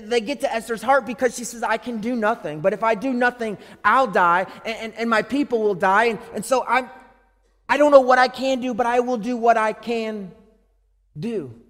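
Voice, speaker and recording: A man preaching a sermon as pastor, earnest, moving between hushed and emphatic speech. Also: very high voice. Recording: long hall reverb.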